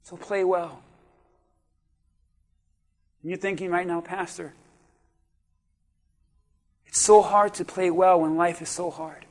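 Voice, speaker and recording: Male pastor, very high voice, slow and deliberate, preaching to his church with repeated lines that swell into shouts. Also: fairly even intonation. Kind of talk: sermon.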